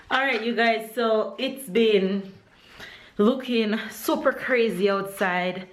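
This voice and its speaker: A young Jamaican woman, a mother, chatting casually to camera at home in a relaxed vlog style, laughing often and going very high-pitched when excited. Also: takes it slowly, slight background noise. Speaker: vlogger, mother. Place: at home indoors.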